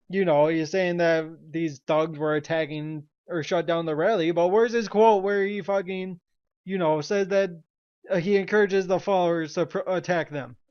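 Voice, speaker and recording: A man ranting as a commentary vlogger, swearing constantly and laughing between remarks. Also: high voice. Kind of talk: angry profane rant. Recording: dull lo-fi recording.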